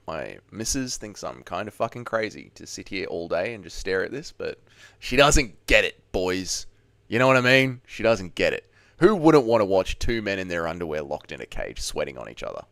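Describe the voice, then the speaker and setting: A male livestream host with a lively, up-and-down voice that stays smooth and clear. He talks loosely and swears often, answering chat messages one after another from a chair at home. The sound is dry, with no room echo. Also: low-pitched, moderate pace. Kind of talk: casual live fight watch-along chat. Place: home, seated at a desk.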